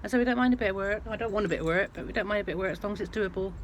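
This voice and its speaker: A woman's voice: mid-range voice, rapid-fire. A woman vlogging casually to camera from her van, chatty and rambling. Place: in and around a van. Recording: loud vehicle noise.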